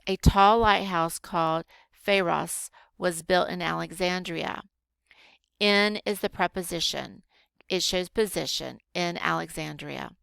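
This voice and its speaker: Patient teacher woman, gravelly voice. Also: fairly low pitch, fairly bright tone, no room sound. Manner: patient, explains step by step with frequent ums. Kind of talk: recorded grammar lesson.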